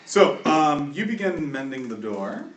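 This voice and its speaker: A man running a tabletop game as game master, narrating in a halting way with many ums and likes. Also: a little high, sing-song. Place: room shared with several players. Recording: echoey room, distant mic, faint noise.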